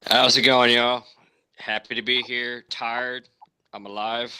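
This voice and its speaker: A man's voice: mid-range voice, level tone, slow pace, pushed and bright, clean tone. A man from Texas, a guest on a casual podcast, talking in an easygoing, laid-back way.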